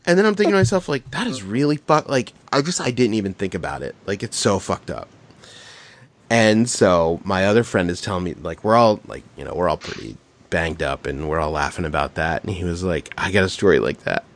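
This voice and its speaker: A man's voice: low voice, fairly quick. A middle-aged man, a podcast co-host, telling stories in a casual, profane, laughing way. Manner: animated, profane, laughing storyteller. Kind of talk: casual storytelling chat.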